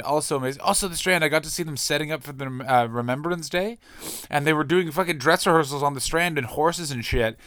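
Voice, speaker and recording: Male comic, mid-pitched, profane ranting monologue, dry booth sound. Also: smooth, no room sound. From Canada. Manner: profane, ranting, quick shifts in loudness. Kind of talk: casual storytelling monologue.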